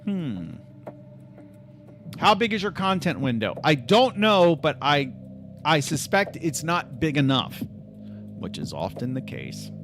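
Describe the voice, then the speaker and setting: A man's voice: fairly high pitch, sing-song, takes it slowly, pauses often, a bit bright, soft background music. A man hosting a livestream in casual chat, rambling and joking at his own expense. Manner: rambling, joking, self-deprecating. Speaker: livestream host.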